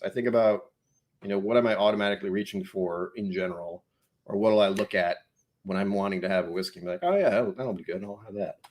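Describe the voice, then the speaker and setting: Rambling man hosting a whiskey livestream. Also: lowish voice. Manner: rambling, jokey, talks to chat viewers by name. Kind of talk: casual live-stream chat reading comments.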